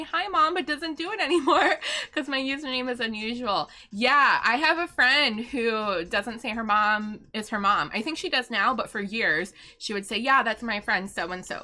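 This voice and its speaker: A woman's voice: a little high, pushed and bright. A middle-aged woman streaming live from home, chatting casually, answering viewer questions and laughing often.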